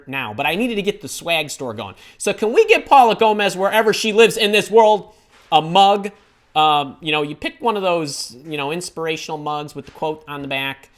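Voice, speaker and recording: A middle-aged man hosting a live career advice stream from home, talking in an excitable, scattered way as he reads the chat. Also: medium pitch. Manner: energetic, excitable, scattered while reading chat. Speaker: host.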